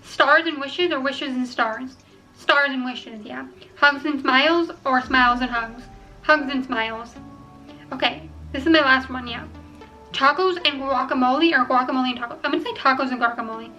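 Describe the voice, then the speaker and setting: A young woman chatting casually to camera at home, rambling and filling pauses with ums as she weighs each choice. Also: sits high, bright, forceful tone, faint music behind, rough recording. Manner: chatty, rambling, filler-heavy. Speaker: vlogger. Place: home room.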